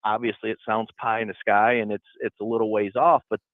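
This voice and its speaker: A man's voice: on the low side, level tone, quick pace, dry recording. Man on a dry phone-like line. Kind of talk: casual talk show chat.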